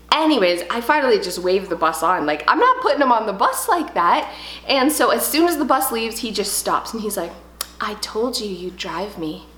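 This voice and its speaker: Chatty woman vlogger in an echoey room. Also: fairly high pitch. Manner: chatty, animated storytelling with laughs. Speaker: home decor YouTuber. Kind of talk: casual vlog chat.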